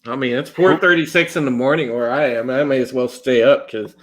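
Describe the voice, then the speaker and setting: A man's voice: mid-range voice, fairly quick, rough recording. A man hosting a casual online chat show, rambling and swearing freely, often breaking into laughter. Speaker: podcast host.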